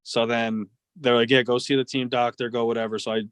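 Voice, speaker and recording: A man's voice: medium pitch, little pitch movement, fairly quick, clear, resonant tone, no room sound. A young man in his twenties, a baseball player, telling stories in a casual interview, rambling with lots of "like" and "uh". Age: 20s. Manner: rambling, many fillers like "like" and "uh". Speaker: guest, professional baseball player.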